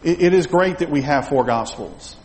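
This male pastor's voice is a little high and slightly mellow, moving at a moderate pace as he preaches an expository sermon. Conversational in style, he restarts thoughts and tosses asides to the congregation, while the sanctuary's echo carries faint ambience and slight background noise.

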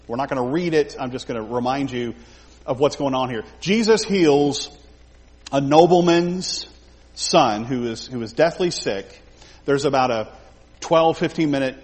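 A man's voice: mid-range voice, big-room sound. A man teaching a Bible study, talking the group through a passage and acting out the quoted lines in character.

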